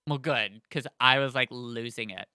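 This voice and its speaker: A man co-hosting a podcast in casual chat, excitable and rambling, full of fillers. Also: mid-range voice, normal speed, clean tone, no room sound, studio quality. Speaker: podcast co-host.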